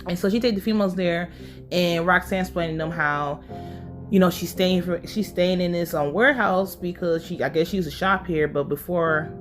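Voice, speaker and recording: A woman's voice: lowish voice, normal speed, soft background music. A woman giving a casual, blunt and profane recap of a TV episode, full of her own opinions. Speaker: show recap host.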